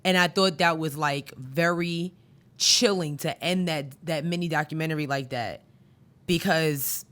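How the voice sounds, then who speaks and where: She has a deep, slightly bright voice and an unhurried delivery as she co-hosts a podcast. The conversation is casual and reflective, with strong emphasis on key points.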